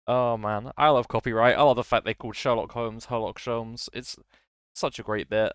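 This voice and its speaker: A man's voice: mid-range voice, expressive, unhurried, dry recording. A man streaming a game live, chatting casually and giggling.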